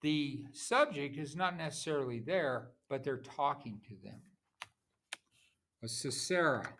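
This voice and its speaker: A man teaching a lecture on poetry, speaking haltingly with frequent pauses and restarts, sometimes tapping out rhythms aloud. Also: on the high side, lively intonation, a bit bright, a little hiss or hum. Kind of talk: classroom lecture.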